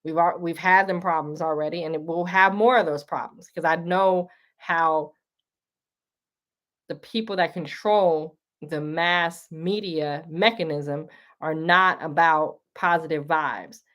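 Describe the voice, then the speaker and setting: This woman's voice is low-pitched, steady and fairly bright, and she speaks unhurriedly. Hosting a livestream, she gives a casual, earnest, preachy monologue to her listeners, calling them y'all while tearing up.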